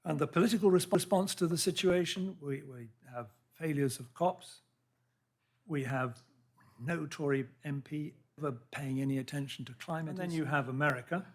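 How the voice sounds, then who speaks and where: A man giving a public science lecture in a hall, earnest and halting, often restarting his words and reading out quotes. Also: on the high side. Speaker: lecture speaker.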